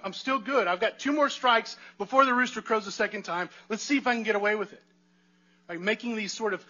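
A man delivers a sermon in a chatty, conversational way, often turning to the congregation with rhetorical questions. His voice sits high and sounds bright and forward. The recording is a little muffled and lo-fi. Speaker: pastor.

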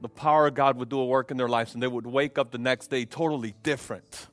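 At a church service, a pastor preaches and leads prayer in a medium-pitched, fairly bright voice. He speaks with fervor, circling back to repeated phrases and dropping in frequent fillers.

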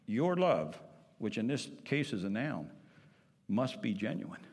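A pastor preaches in an unhurried, sing-song manner, his mid-range voice a little mellow and husky. The church hall's long reverb carries his emphatic sermon, full of repeated phrases and questions to the people.

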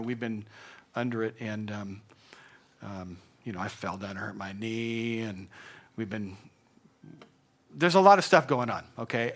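An older man preaching a sermon in an earnest, conversational way, moving between hushed and emphatic delivery. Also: medium pitch. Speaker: pastor.

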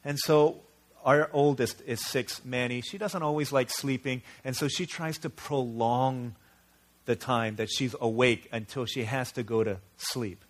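A man's voice: medium pitch, unhurried. A man preaching a sermon as a pastor, telling stories in an earnest, conversational way.

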